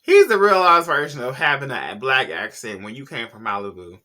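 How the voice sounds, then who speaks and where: Sassy, animated gossip vlogger man. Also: medium pitch, normal speed. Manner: sassy, slangy, talks straight to viewers. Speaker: YouTube pop culture host. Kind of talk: casual celebrity gossip commentary.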